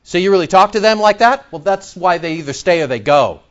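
High, lively preaching man. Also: brisk, lo-fi sound. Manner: animated, with sudden loud outbursts and mock dialogue. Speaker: pastor. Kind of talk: sermon. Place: church.

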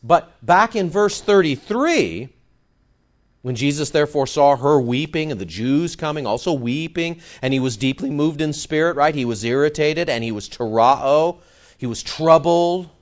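A male pastor preaching a sermon with emphatic stress that swings between loud points and soft asides. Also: fairly high pitch, expressive, normal speed, muffled recording.

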